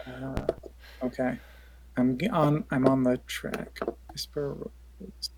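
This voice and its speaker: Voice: medium pitch, fairly even intonation, takes it slowly, noisy background. A tabletop player describing their character's actions, hesitant and playful with many restarts.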